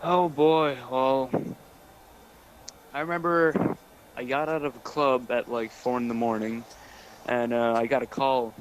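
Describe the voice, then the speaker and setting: A man's voice: medium pitch, steady tone, unhurried, long pauses, slight background noise, rough recording. A man recounting a memory in an interview, talking plainly with many fillers. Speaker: wrestler. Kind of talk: shoot interview.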